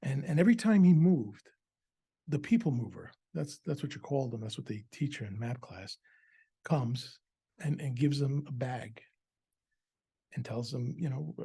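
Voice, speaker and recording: A man's voice: mid-range voice, animated, unhurried, creaky, long pauses, dark tone, slightly rough. A middle-aged adoptive father telling a personal story at a family event in a conversational way, with frequent fillers and repeated words.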